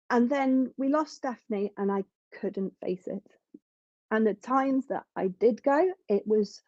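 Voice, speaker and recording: A woman appears as a podcast guest in a conversational interview, speaking earnestly and reflectively and often restarting her sentences. Her voice is a little high and mellow, with no echo and a lo-fi sound.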